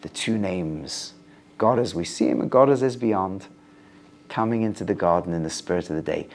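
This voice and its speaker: Animated rabbi lecturing a class. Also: male voice, normal speed, gravelly. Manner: animated, rising emphatic stresses, drops low on quotes. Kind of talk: lively Torah lecture with Hebrew quotes.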